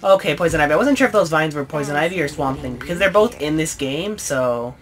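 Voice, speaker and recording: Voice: medium pitch, lively intonation, quick pace. Rambling let's play gamer. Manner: rambling, with many fillers and asides to viewers. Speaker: gaming channel host. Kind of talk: casual let's play commentary. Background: game sound.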